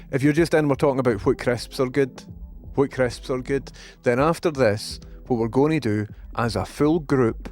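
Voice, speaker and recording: A Scottish man hosting a casual live stream, chatting loosely, swearing freely and reading viewer messages aloud. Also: mid-range voice. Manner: swears freely, excitable, reads chat aloud. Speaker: livestream host.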